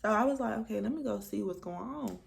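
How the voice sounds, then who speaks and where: Gravelly-voiced woman telling a story. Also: medium pitch, quick pace. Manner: animated, dramatic retelling with quoted dialogue. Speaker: vlogger. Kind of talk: casual storytime chat.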